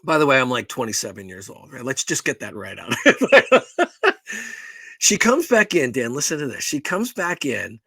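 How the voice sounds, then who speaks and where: A man's voice: medium pitch, big pitch swings, moderate pace, vocal fry, sharp tone, husky, dry recording. A middle-aged man co-hosting a podcast, telling a rambling, profane, self-deprecating story in casual chat. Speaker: podcast co-host.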